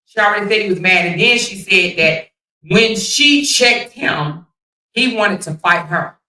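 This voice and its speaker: A woman's voice: on the high side, moderate pace, pushed and bright, far from the mic. A woman hosting a casual commentary livestream, talking bluntly and profanely and firing rhetorical questions at her viewers. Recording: echoey room, voice somewhat off mic.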